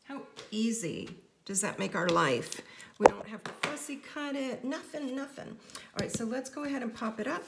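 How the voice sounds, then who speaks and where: Chatty woman teaching card-making, gravelly voice. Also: fairly high pitch, animated, moderate pace, very noisy. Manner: chatty and playful, jokes with viewers. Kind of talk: casual crafting tutorial.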